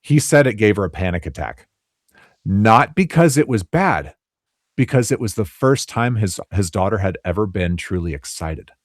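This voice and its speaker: A man in his forties, an interview guest who tells earnest, animated stories about his work and often repeats words when he gets excited. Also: on the low side, normal speed, dry recording, studio quality. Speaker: interview guest, children's cartoon creator. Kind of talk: casual interview storytelling.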